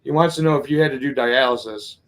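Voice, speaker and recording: A man's voice: mid-range voice, fast talker, poor audio. A man co-hosting a casual podcast chat, telling stories loosely and reading out viewer messages. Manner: loose, filler-heavy storytelling, reads out viewer messages. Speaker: podcast co-host.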